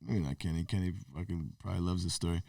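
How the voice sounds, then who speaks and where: A man's voice: sits low, fairly even intonation, quick pace, vocal fry, warm tone, no echo, studio quality, recorded from a distance. A young man co-hosting a podcast, rambling through a story and swearing. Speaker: podcast co-host. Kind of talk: casual chat.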